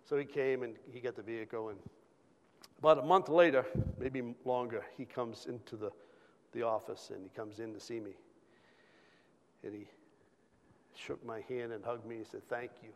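Halting man giving a testimony in a hall. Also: medium pitch, fairly even intonation. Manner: halting, many repeated words and fillers. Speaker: church speaker sharing a testimony. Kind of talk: informal sermon testimony.

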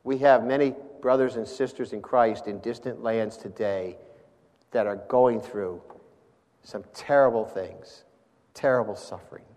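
A man preaching a sermon and reading scripture aloud, then closing in prayer, moving between loud emphasis and quiet, soft passages. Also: mid-range voice, fairly even intonation, measured pace. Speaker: pastor. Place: church sanctuary. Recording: long reverb of a church hall.

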